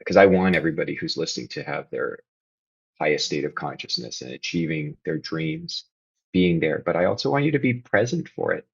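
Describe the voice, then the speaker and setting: A very deep-voiced man, creaky with a breathy edge, talks as a podcast guest in a candid confessional conversation. He is earnest and reflective, occasionally rising to emphatic bursts, and the recording has its highs cut off.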